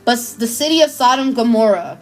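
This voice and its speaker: A woman's voice: fairly high pitch, lively intonation, a little fast, darkish tone. A woman, giving an emotional, effusive live tarot reading in casual slang. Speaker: tarot reader. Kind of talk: live spiritual card reading.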